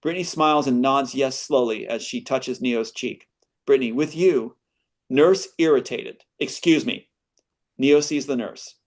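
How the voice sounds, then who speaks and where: A man reads his own screenplay aloud as an interview guest, pausing for earnest asides. His voice sits at an ordinary middle pitch. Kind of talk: reading and commenting on his screenplay.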